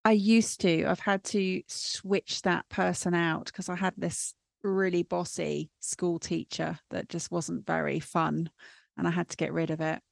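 A woman hosting an interview podcast, talking in a reflective, conversational way. Her low voice has a gravelly fry, recorded dry and close with no room sound. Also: flat delivery, measured pace, no echo. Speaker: podcast host. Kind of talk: casual interview chat.

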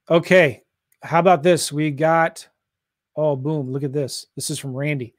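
A man from St. Louis coaching real estate investors on a livestream, pushing hard in an energetic sales style. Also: on the high side, unhurried, no room sound, studio quality. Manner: pushy, energetic sales talk.

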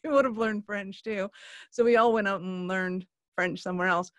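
A woman's voice: mid-range voice, steady tone, normal speed, no room sound. A woman from Canada, a guest in a casual chat, who is upbeat and laughs often.

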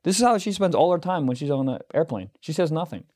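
A man's voice: fairly high pitch, very animated, fast talker, a little mellow. A man co-hosting a podcast, joking crudely and swearing, slipping into brief mock voices. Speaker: podcast co-host. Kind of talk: crude casual banter.

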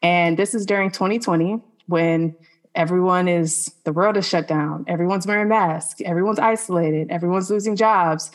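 A woman's voice: fairly low pitch, normal speed. A woman telling a personal faith testimony as a podcast guest, earnest and conversational, with many "like" fillers.

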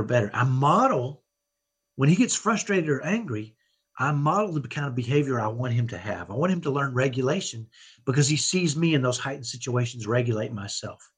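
Earnest husky-voiced man coaching parents. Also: mid-range voice, lively intonation, a little fast. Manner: earnest, tags points with "right?". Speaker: podcast guest, parenting coach. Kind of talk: motivational parenting talk.

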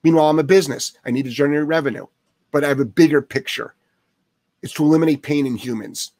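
A man runs a casual live Q&A as a dog trainer, blunt and emphatic, with a fairly high voice for a man. He swears freely and hammers points home by repeating himself. The sound is dry and close, with no room echo. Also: quick pace, a little mellow.

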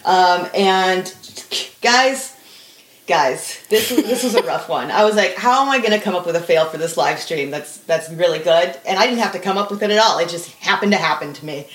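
A woman's voice: on the low side, a little fast, few pauses. Woman cohost laughing thru a gross story, swears a lot, roomy echo, faint noise behind. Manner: animated, laughing, swearing, bursts into little screams. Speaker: co-host of a live stream. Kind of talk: casual storytelling chat.

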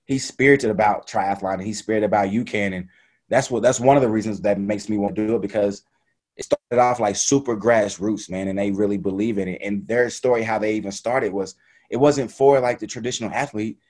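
A man's voice: fairly low pitch, a little fast, a little mellow. A man from Texas, a triathlete talking casually as a guest on a video call and filling his speech with "like" and "man". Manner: loose, heavy with fillers like "man" and "like".

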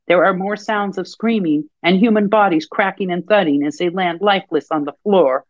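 A woman podcast host and author reading her own fiction aloud in a measured storytelling voice. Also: fairly low pitch, dry recording, lo-fi sound.

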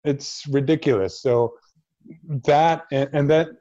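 A man's voice: medium pitch, slow pace, mellow. Middle-aged guy in a podcast chat, earnest and blunt, kinda muffled lo-fi audio, no room echo. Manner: earnest, blunt, speaks out against stereotypes. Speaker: actor, podcast guest. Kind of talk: casual chat.

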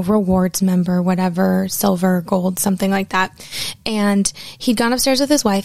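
A woman's voice: medium pitch, darkish tone, no room sound, clean studio sound. A woman singer-songwriter casually telling stories in a chatty way, with lots of fillers. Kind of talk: casual storytelling.

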